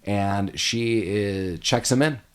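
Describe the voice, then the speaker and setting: A man hosting a podcast in casual chat about a film, animated and acting out scenes in quoted voices. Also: on the low side, slow pace. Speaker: podcast host. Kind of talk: casual movie-review chat.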